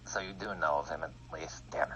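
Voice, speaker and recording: A man's voice: extremely low pitch, fairly quick, bright, forceful tone, muffled recording. A man playing in a casual tabletop game, jokey and prone to swearing, with faint background noise. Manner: joking, swearing, laughs a lot. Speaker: player.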